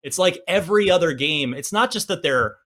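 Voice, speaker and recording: A man's voice: on the high side, expressive, brisk, pushed and bright. A man in his forties hosting a casual gaming podcast, rambling and self-deprecating with many restarts. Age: 40s. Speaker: podcast host.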